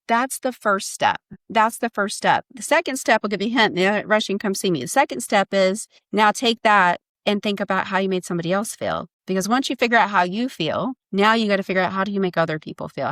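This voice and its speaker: A woman in her fifties speaks as a podcast guest, candid and animated, with blunt asides. Her voice sits at a medium pitch. The recording is dry and close, with no room sound. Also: no echo. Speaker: guest, executive coach and author. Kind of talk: casual podcast conversation.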